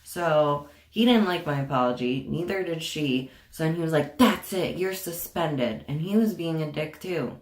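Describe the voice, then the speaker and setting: A woman's voice: sits low, normal speed, few pauses. A young woman telling a storytime vlog in a casual, profane and indignant way, full of sarcasm. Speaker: vlogger. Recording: echoey room.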